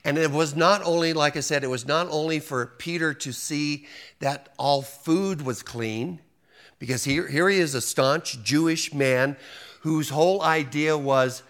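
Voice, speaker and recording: A man's voice: a little high, measured pace, fairly bright tone. A man preaching a sermon to a congregation, folksy and joking, acting out quotes and often restarting his sentences. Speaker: pastor.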